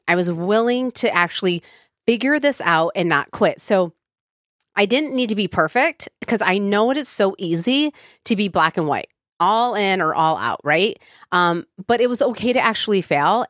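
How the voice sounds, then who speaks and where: In studio-quality, dry audio, a woman with a medium-pitched, fairly bright voice hosts her solo podcast. She speaks informally, leaning on "um" and "you know," and sounds congested with a cold.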